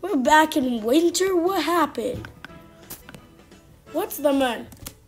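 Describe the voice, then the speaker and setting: High-voiced excitable woman streamer. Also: slow pace, faint music behind. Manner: excitable, chatty, lots of exclamations. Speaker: gaming streamer. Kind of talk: casual game commentary.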